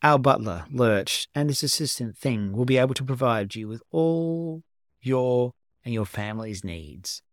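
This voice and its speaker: An elegant gothic mother, as a male reader puts her on, speaks with calm, gracious courtesy. Her lines are gentle and measured at a middling pitch. The recording is dry and close. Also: no echo.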